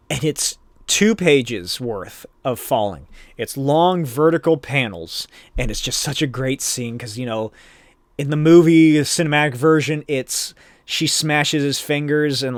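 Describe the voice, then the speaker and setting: A man's voice: mid-range voice, no room sound. Man, podcast host, casual rambling recap, profane, dry close sound. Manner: rambling, profane, chatty with laughs.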